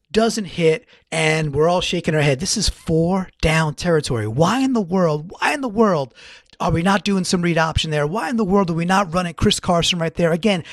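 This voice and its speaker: A man talking fast and with feeling through a solo sports recap, stacking up repeated phrases for emphasis. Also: a little high, no echo, clean studio sound. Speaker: podcast contributor.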